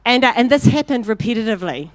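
A woman preaching a sermon, telling a story with lively acted-out voices before turning to direct exhortation. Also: on the high side, quick pace, dry recording. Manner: animated storyteller, acting out voices in anecdotes.

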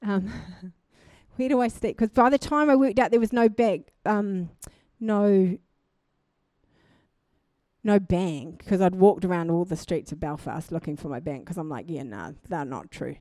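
A young woman preaching a sermon, telling a personal testimony in an animated way and building to fervent exhortation. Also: on the low side, measured pace, no room sound. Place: church.

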